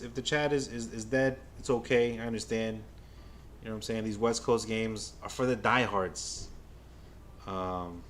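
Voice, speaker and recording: A man livestreaming a baseball game as a fan, giving casual play-by-play to his chat, stammering and repeating himself, then bursting out when a play excites him. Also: lowish voice, slight background noise. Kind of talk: casual live game watch-along commentary.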